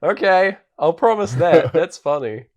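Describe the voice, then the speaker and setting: A man's voice: fairly high pitch, expressive, a little slow. A man co-hosting a podcast, recapping a film in a rambling casual chat with many fillers and frequent laughter. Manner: rambling, laughs often, heavy filler words. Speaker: podcast co-host.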